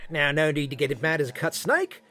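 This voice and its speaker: A man's voice: on the high side, big pitch swings, brisk, sharp tone. A man faking a cocky Aussie card hustler. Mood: cocky teasing. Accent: bad put-on Australian. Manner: breezy, teasing, slangy.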